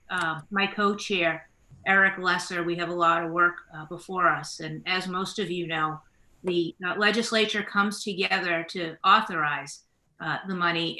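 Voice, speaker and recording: A woman state representative and committee co-chair giving earnest prepared remarks, halting often with fillers and restarts. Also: medium pitch, bright, forceful tone, reverberant. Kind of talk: prepared remarks at a press event.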